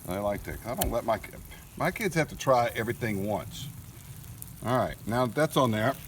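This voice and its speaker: A man's voice: mid-range voice, expressive, moderate pace, noisy background. A middle-aged man hosts a casual cooking vlog outdoors at a grill, joking and chatting with his kids in a folksy way. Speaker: cooking show host and father.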